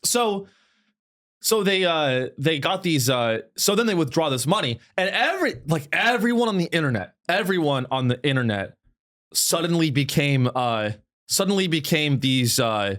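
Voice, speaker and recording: Man, comedy podcast host, lively swooping pitch, slightly high voice, rambling, profane. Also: moderate pace. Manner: animated, profane, rambling with mocking impressions. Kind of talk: casual comedic podcast chat.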